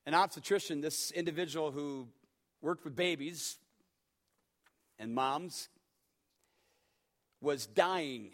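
Middle-aged man, pastor, sermon, high voice, emphatic, hushed to shouting. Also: takes it slowly, pauses often.

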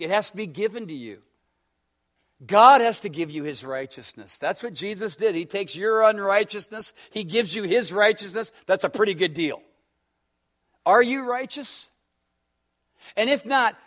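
Impassioned preacher with soaring animated pitch. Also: male voice. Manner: preaching with rising fervor, rhetorical questions; acts out a story with quoted dialogue. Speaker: pastor. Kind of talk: sermon.

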